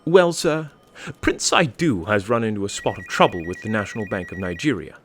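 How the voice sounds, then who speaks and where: A man doing a velvet-smooth English phone scammer. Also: fairly low pitch, lively intonation, brisk, fairly bright tone. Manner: formal and unflappable. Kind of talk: comedy sketch acting.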